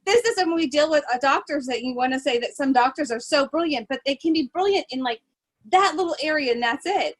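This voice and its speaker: Woman podcast host, higher voice, casual and animated storyteller, fillers. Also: fairly quick, rough recording. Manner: animated storyteller, laughs often, many fillers. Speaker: podcast host, holistic travel nurse. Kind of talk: casual chat.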